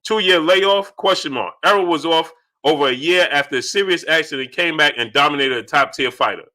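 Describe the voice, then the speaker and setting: Excited guy w a high bright voice on a boxing stream, yells and talks fast. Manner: animated, shouts reenactments, greets chat. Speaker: boxing channel host. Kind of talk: live-stream boxing talk. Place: at home.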